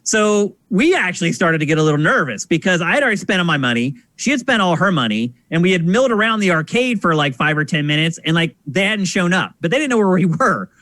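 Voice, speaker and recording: Man, podcast host, high voice, dry close mic, animated storyteller. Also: quick pace, hardly any pauses, no echo. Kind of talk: casual podcast chat.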